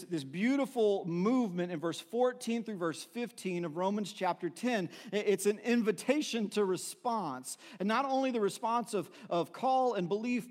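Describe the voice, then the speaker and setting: A pastor preaching a sermon, earnest and repetitive, with many restarts, moving between soft passages and rising emphasis. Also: male voice, sits high, in a large hall.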